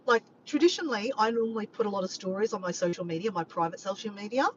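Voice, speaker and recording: A woman's voice: mid-range voice, fast talker. A woman chatting casually to her vlog audience, rambling from point to point and swearing freely. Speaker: vlogger. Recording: dull lo-fi sound with faint background noise.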